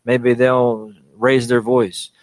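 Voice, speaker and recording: A man's voice: mid-range voice, level tone, takes it slowly, dry recording. A man giving a religious lesson on manners, often repeating a phrase to stress it and restarting his sentences. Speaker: Islamic teacher.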